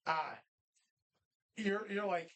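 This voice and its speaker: A man co-hosting a live show from a bar, telling stories in an animated, casual way and swearing freely. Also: high-pitched, very slow. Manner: animated storytelling, heavy swearing. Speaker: co-host.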